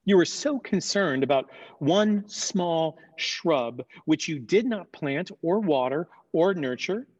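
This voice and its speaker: A man's voice: on the high side, animated, slow. A man voicing God as a stern yet tender fatherly deity in a dramatized sermon retelling, earnest and emphatic. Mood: stern pleading. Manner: earnest, questioning, rising to emphatic. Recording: dull lo-fi recording.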